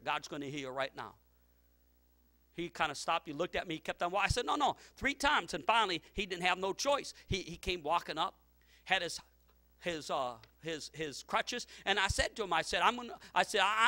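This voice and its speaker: A pastor preaching a sermon, telling stories with many repeats and restarts, and climbing to loud shouted lines. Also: male voice, high-pitched. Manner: storytelling preacher, repeats words, rising to shouts.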